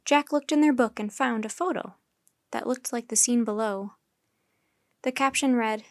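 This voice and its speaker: A woman storyteller reading a children's chapter book aloud in steady, clear narration. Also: on the high side, moderate pace, dry recording, clean studio sound.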